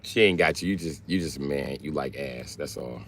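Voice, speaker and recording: A man's voice: a bass voice, brisk. A man in his forties from Illinois telling profane, comedic stories on a livestream. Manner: animated, profane, storytelling. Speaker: livestream host.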